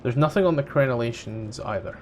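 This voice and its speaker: Relaxed male game master. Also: mid-range voice, a little fast, a little hiss or hum. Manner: relaxed, explaining rules between laughs. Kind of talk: running a tabletop game.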